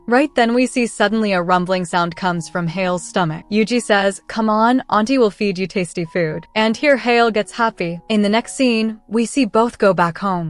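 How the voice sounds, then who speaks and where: A woman retelling a drama plot in a steady, plain narrating voice at a middle pitch. She reads the characters' quoted lines lightly rather than acting them out. Faint music plays underneath. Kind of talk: scripted narration.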